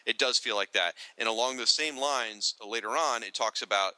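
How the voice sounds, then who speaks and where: A man's voice: medium pitch, moderate pace, pushed and bright, no echo, low-quality recording. A man co-hosting a podcast, reading listener feedback aloud with joking asides to the listeners. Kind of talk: casual podcast chat.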